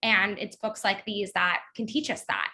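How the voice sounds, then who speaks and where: A young adult woman, the author's daughter, appears as a guest in a casual interview, chatting away and filling her speech with "like." Her mid-range voice has a sharp tone, fairly even intonation, and normal speed.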